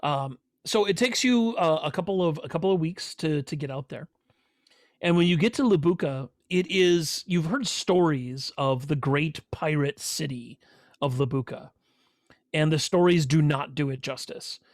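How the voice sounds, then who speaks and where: A man's voice: on the high side, normal speed, dry recording. Rambling game master man, dry sound. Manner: rambling, filler-heavy storytelling. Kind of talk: narrating a tabletop game.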